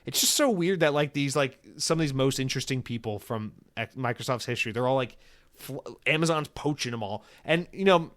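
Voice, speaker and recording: A man's voice: mid-range voice, expressive, brisk, a bit bright. A young man hosting a solo gaming podcast, rambling and sarcastic, swearing often and acting out quoted voices mid-rant. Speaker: podcast host.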